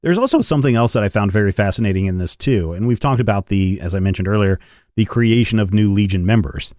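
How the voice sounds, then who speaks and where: A man co-hosting a podcast, chatting casually about comics in an animated way. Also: on the low side, quick pace, no echo, clean studio sound. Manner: animated, acts out quoted lines in funny voices. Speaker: podcast co-host.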